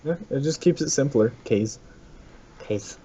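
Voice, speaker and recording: A man co-hosting a casual gaming podcast, playful and quick to laugh. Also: warm tone, slight background noise. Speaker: podcast co-host. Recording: muffled low-fi audio.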